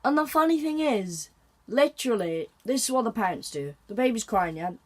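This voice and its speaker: A man's voice: very high voice, animated, normal speed. A young man narrating comedy sketches in a chatty, exasperated way.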